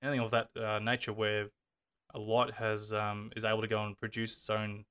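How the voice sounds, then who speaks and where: Man, interview host, low voice, musing restarts. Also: completely flat delivery, a little fast, fairly bright tone, clean tone. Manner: musing, thinking aloud, trailing restarts. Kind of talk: casual interview.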